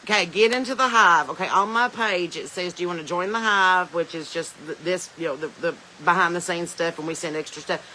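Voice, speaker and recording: A Southern American woman hosts a casual livestream chat from her phone, joking and laughing as she reads viewer comments. Her voice is bright and forward, with a faint hiss behind it. She talks in loose, drawling asides. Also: on the low side, a little fast, few pauses, rough recording. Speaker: podcast host.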